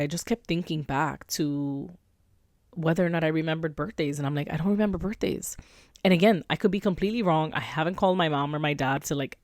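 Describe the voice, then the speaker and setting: A woman's voice: deep voice, no room sound, studio quality. A woman hosting a podcast, telling a personal story in a candid, emotional, confessional way, sometimes dropping to a near-whisper. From Puerto Rico. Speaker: podcast host.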